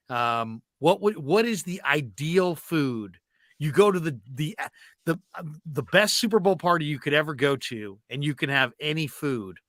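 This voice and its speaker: A middle-aged man hosts a casual sports talk show in a bright, forceful voice that sits a little high for a man. He tells stories animatedly, swearing casually and leaning on fillers, with a dry, close sound. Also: dry recording. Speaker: show host.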